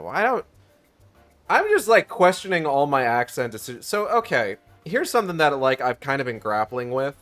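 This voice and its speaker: A man's voice: mid-range voice, very animated, a little fast, a bit bright, faint music behind. A man streaming a video game, talking casually in a rambling way with lots of fillers and some swearing. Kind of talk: casual let's-play commentary.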